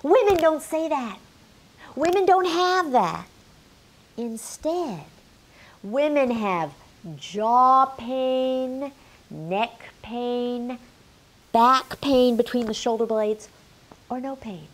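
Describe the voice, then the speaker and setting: A woman's voice: sits high, expressive, very slow, pauses often. A middle-aged woman teaching a health lesson straight to camera, emphatic and quizzing the viewer. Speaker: menopause health educator.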